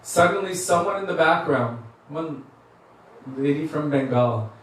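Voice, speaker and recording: A man's voice: fairly high pitch, lively intonation, measured pace, a bit bright. A man giving a devotional class, telling stories earnestly and acting out the voices of people in them. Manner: earnest storyteller, acts out quoted voices. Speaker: spiritual teacher giving a class. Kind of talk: devotional lecture with storytelling. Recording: very echoey room, mic at a distance, faint hiss.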